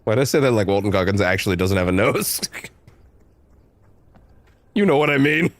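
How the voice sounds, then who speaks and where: A man's voice: fairly low pitch, animated, normal speed, no room sound. A man streaming a game, giving rambling, self-interrupting casual commentary and swearing freely. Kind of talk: casual let's-play commentary.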